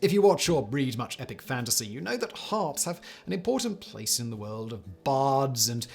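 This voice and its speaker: Male narrator, mid pitch, scripted list-video read, dry wry asides, faint music behind. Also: sing-song, normal speed, vocal fry.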